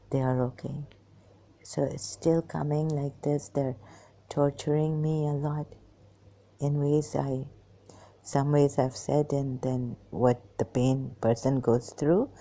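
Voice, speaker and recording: An exhausted woman talking into a hand-held phone in a halting, hesitant way, often slipping into whispers. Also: very deep voice, creaky, warm tone. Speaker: vlogger. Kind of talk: personal monologue to camera.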